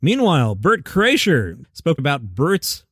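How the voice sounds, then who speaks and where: Middle-aged guy doing a comedy news pod from his basement, kinda high voice, dry close sound, jokey asides. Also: slightly rough, no echo. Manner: wry, animated, quick side comments. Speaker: podcast host. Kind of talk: casual news reading with asides. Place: home basement studio.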